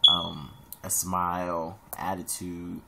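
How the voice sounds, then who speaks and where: A young man from Columbus, Ohio, giving rambling casual advice in a vlog, animated with sudden high-pitched jumps. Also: slow, creaky, heavy background noise.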